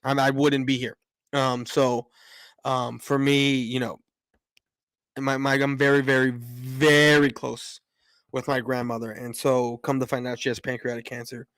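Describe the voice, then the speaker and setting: A man hosts a casual livestream, rambling with lots of fillers and restarts as he greets viewers in the chat, openly emotional and a little choked up. His voice is medium in pitch, level, fairly bright, clear and resonant, with a measured pace. The recording is clean studio sound with no room echo.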